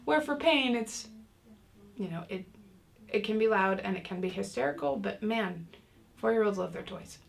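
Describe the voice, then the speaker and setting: A woman's voice: mid-range voice, normal speed, creaky. A woman teaching a casual online parenting lesson, talking in a chatty way with many fillers and restarts. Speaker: parenting class instructor.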